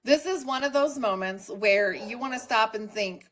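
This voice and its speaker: A woman's voice: a little high, normal speed, few pauses, a bit bright. A woman hosting a casual live stream from home, talking candidly and directly to her chat. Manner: candid, plain-spoken, talks to the chat. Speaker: livestream host.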